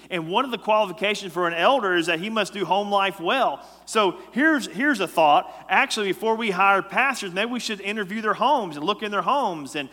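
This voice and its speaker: Middle-aged guy preaching in church, kinda high voice, goes quiet then loud and repeats stuff, big echoey hall. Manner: swings from hushed, slow lines to loud, emphatic repetition. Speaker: pastor. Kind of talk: sermon. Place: church sanctuary. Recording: long reverb of a large hall.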